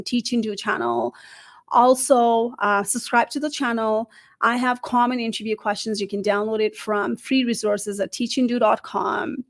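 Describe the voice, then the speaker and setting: A middle-aged woman who is not a native English speaker gives job interview advice on a live stream, lively, asking the audience questions and often adding "right?". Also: a little high. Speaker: career coach.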